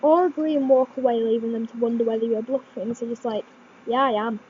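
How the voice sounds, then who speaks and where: A woman's voice: fairly high pitch, fast talker, dull audio, slight background noise. A young woman, chatting casually as she reads quiz questions aloud and thinks them through, with many fillers and restarts. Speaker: vlogger.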